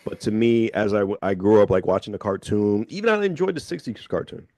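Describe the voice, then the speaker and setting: A radio host with a very low voice, speaking in a dry, close studio sound. He talks in a measured, thoughtful way and slows down to stress his points. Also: lively intonation, mellow, no echo. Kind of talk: casual radio chat. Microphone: studio microphone.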